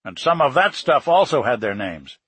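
A man voicing a dive boat captain who explains things in a slow, plain, matter-of-fact way. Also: medium pitch, very animated, a bit bright, breathy edge, no echo, heavily acted.

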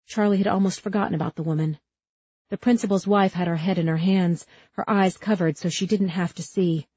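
A woman reading an audiobook aloud in measured, tense scripted narration. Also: lowish voice, steady tone, mellow, husky, dry recording, lo-fi sound.

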